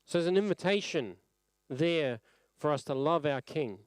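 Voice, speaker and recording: A man preaching a sermon at a church service, earnest and reflective, letting his phrases fall softly at the end. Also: fairly high pitch, animated, moderate pace, smooth, dry recording.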